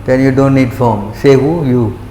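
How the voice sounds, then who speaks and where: A man's voice: medium pitch, normal speed, mellow. A man giving an interactive scripture lecture, often asking whether listeners follow him. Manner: keeps checking that listeners follow, with short questions. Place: temple hall. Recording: echoey hall with faint noise.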